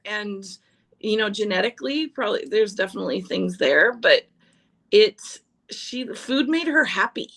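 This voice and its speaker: A woman's voice: medium pitch, expressive, moderate pace, a bit bright. A woman on a livestream sharing personal stories in a chatty way, laughing often and restarting her sentences. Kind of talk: casual personal chat.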